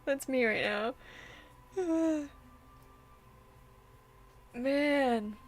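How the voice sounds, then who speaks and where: A woman's voice: high-pitched, extremely slow. A young woman streaming a visual novel, reacting in an exasperated way with frequent sighs and fillers. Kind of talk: casual gameplay commentary.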